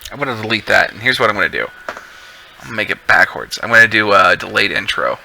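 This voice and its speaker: A man with a low but strikingly bright voice chats casually on a live stream while editing. He rambles and restarts mid-thought as he works through the cuts. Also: animated, fast, creaky, a little hiss or hum, low-quality recording. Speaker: video editor streaming his work.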